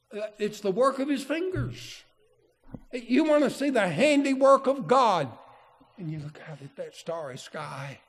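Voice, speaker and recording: Male preacher, folksy sermon delivery, church hall with a long echo. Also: high voice. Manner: folksy, asks the congregation questions.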